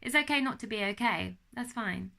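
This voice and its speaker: Young woman, British accent, bright voice, candid vlog at home, chatty with fillers. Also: on the high side, lively intonation, normal speed, vocal fry. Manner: earnest and confiding, chatty with fillers. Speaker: vlogger.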